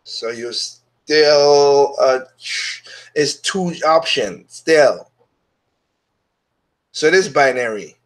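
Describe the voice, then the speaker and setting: A man's voice: on the high side, animated, drawn-out words, pauses often. A man hosting his own opinion show, talking bluntly and dismissively in a casual monologue that is full of restarts.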